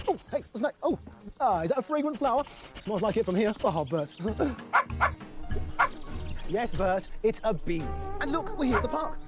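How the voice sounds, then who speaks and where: A man playing a cheerful, bumbling dog walker in a children's show, chatting away to his dog. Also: very high voice. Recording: voice over loud background music.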